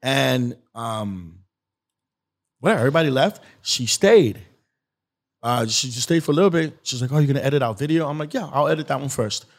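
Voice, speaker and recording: A skit creator guesting on an interview show rambles through a long, casual story, full of filler and animated, acted-out quotes. He speaks a little fast in a mid-range voice.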